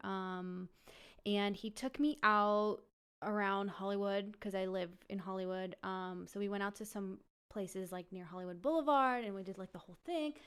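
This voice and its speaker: A young woman casually telling a story on a podcast, laughing and acting out quotes loudly. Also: medium pitch, smooth. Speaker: podcast guest and producer.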